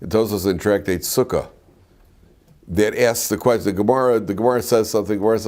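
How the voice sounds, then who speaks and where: Older man teaching a relaxed class. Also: fairly low pitch, quick pace. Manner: conversational and digressive, with frequent restarts and asides. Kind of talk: informal Torah lecture. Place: classroom with students.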